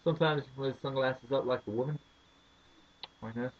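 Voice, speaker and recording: A man's voice: medium pitch, fairly even intonation, normal speed, muffled recording, slight background noise. An American man in a joking home vlog, talking in a mock-serious, rambling way. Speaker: vlogger.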